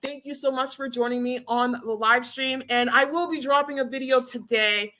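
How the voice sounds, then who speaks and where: A woman's voice: high voice, fairly even intonation, normal speed, pushed and bright. A woman hosting a casual live stream from home, emotional and upbeat, talking straight to her viewers. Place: home, beside her router.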